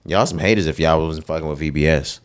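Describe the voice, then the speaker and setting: Laid-back young man with a very low voice. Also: smooth. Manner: slangy, laid-back, quick to laugh. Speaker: podcast co-host. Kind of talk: casual chat.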